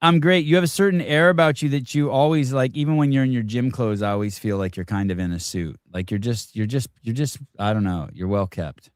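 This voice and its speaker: A man's voice: medium pitch, brisk, few pauses, smooth, no room sound, studio quality. A man hosting a live stream, chatting casually in a rambling, joking way with frequent swearing. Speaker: podcast host.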